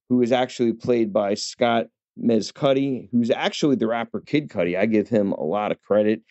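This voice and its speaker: A man's voice: fairly low pitch, mellow, dry recording. A man giving a chatty, casual film review, talking straight to his viewers with many fillers and restarts. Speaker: movie reviewer. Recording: dull, lo-fi dry recording.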